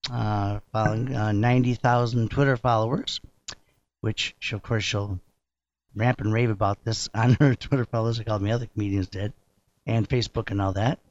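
A man from upstate New York hosting a casual interview, rambling and halting, laughing often. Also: fairly low pitch, steady tone, dry recording, muffled recording. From Rochester, New York. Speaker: host.

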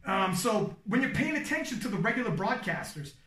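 Casual male talker, high-pitched and animated with a cussing streak, set a bit back from the mic in a roomy space. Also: a little fast, recorded from a distance. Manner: animated, swearing, demonstrates hype commentary voice. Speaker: powerlifting commentator. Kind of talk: casual podcast chat giving advice.

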